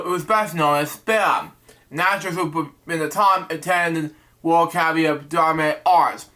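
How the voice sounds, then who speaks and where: Man, web show host, halting reading, stumbles over names, many restarts, bright sharp tone. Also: on the high side.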